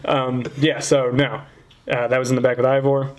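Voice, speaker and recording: A young man casually telling a profane, animated story on a podcast and acting out quoted voices. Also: medium pitch, moderate pace. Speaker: podcast co-host.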